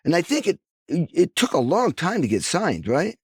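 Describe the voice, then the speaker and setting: A man's voice: fairly high pitch, huge pitch swings, normal speed, husky, no room sound, clean studio sound. A man hosting a podcast, a drummer asking enthusiastic, rambling questions in casual interview chat.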